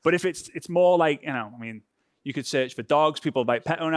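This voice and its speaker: A man's voice: on the high side, fairly quick, dry recording, studio quality. A European man running a live online social media training session, talking casually and often checking in with "right?". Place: home.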